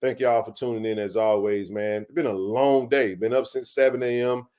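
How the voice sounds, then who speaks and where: A man's voice: mid-range voice, steady tone, moderate pace, a little mellow. A man hosting a casual live sports chat, laid-back and slangy, tossing in "man" and "bro" all the time. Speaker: livestream sports show host.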